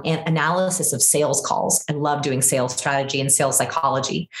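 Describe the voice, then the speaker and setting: Animated woman explaining, echoey room. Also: on the low side. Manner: animated, quick, acts out vocal examples. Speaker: guest expert on body language. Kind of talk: energetic interview explanation.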